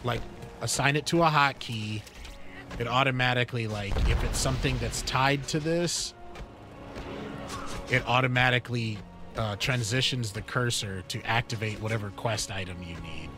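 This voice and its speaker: A mid-range male voice at a moderate pace belongs to a live game streamer. Over background game music, he keeps up casual gaming chat that wanders off track and leans heavily on fillers.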